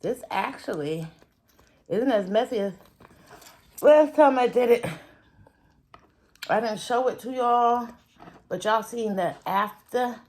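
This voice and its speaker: Her voice is on the high side and darkish, delivered slowly with long pauses. She's a food vlogger cooking at home and chatting casually with her viewers, breaking off now and then to mutter to herself while she works.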